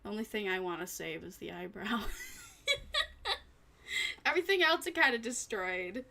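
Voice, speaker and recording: A woman's voice: mid-range voice, expressive, normal speed, pushed and bright. A tired woman streaming casually, rambling to herself and her chat with little laughs. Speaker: vtuber streamer.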